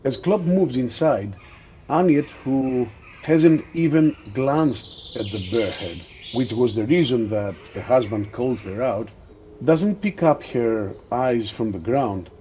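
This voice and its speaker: A man running a tabletop game, unhurried and deliberate as he narrates the scene. Faint background noise sits under his voice. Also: medium pitch, lively intonation, dark tone. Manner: slow, deliberate storytelling. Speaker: game master.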